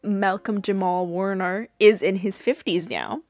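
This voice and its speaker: A woman in her twenties hosting a podcast, retelling a TV episode in a chatty, animated way with many fillers. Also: mid-range voice, measured pace, no room sound. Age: 20s. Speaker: podcast host. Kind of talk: casual episode recap.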